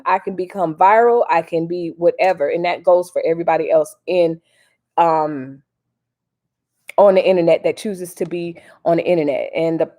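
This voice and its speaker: A woman's voice: fairly low pitch, warm tone. A woman hosting a casual live stream, chatting in a slangy, direct way to her viewers. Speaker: livestream host.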